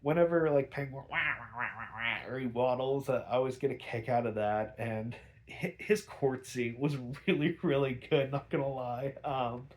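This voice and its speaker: A man's voice: mid-range voice, moderate pace, darkish tone. A young man casually recapping an episode, rambling with many fillers and frequent chuckles. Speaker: show reviewer.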